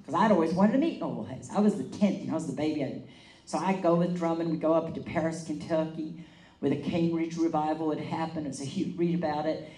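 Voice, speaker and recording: Woman, evangelist, animated sermon storytelling, roomy echo, distant mic. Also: deep voice, fast. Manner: animated, laughing storyteller acting out quotes. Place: meeting hall. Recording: echoey room, mic at a distance.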